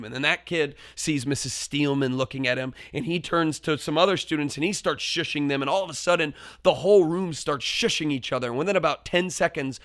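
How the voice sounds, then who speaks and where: Animated man telling a classroom story. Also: medium pitch, no echo, studio quality. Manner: animated, acts out his own shouts and pleas. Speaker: podcast host and teacher. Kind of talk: storytelling monologue.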